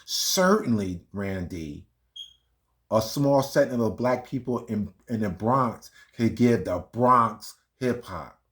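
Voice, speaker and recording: Between clips of his reaction video, a man who hosts a commentary channel argues emphatically in a casual way while fumbling with the playback. He speaks slowly in an expressive, fairly bright voice on the low side.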